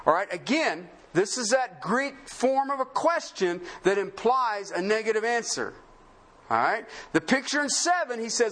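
A man's voice: high voice, big pitch swings, normal speed, a bit bright. A man preaching a sermon in a conversational, sarcastic way, full of rhetorical questions. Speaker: pastor.

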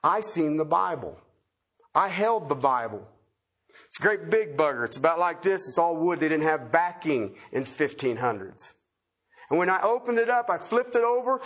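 Husky-voiced man preaching a folksy sermon. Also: high-pitched. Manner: folksy, swings between loud emphatic and quiet asides with chuckles.

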